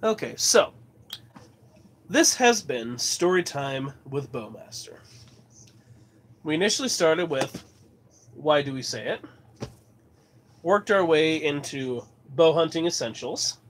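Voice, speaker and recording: A man's voice: a little high, lively intonation, slow pace, long pauses, a bit bright. A man from Colorado chatting casually as host of his livestream, rambling and laughing often. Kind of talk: casual chat.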